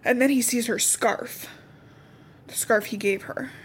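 A young woman chatting on a podcast as she recaps a story, slipping into quoted dialogue all the time. Her voice sits a little higher than most, with a faint hiss under the recording. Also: fairly even intonation, unhurried. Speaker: podcast co-host. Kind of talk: casual chat recapping a novel.

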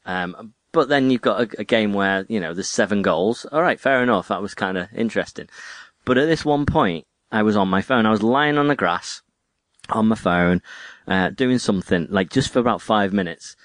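A man's voice: fairly low pitch, lively intonation, normal speed, a bit bright, no echo. A man chatting casually, rambling through a story and laughing often. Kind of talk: casual chat.

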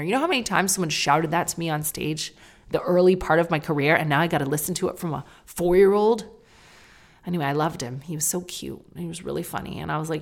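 A woman's voice: lively intonation, fast, gravelly. A woman in her thirties hosting a casual monologue podcast, telling candid stories and acting out other people's voices. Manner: chatty, candid storytelling with sudden jumps in pitch and loudness. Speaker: podcast host.

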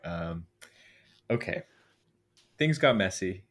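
A man's voice: low-pitched, lively intonation, slow pace, a little hiss or hum. A man playing a tabletop game, asking hesitant, stammering questions. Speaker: player. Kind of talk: casual tabletop play.

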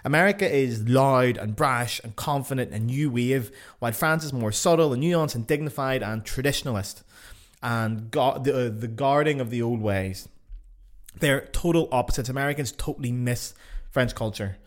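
A Northern Irish man talking straight into a podcast mic in a loose, unscripted monologue. He is blunt and swears freely. He pokes fun at himself with a dry edge, at a medium pitch. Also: normal speed. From Northern Ireland. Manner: blunt, sweary and self-mocking. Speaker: podcast host.

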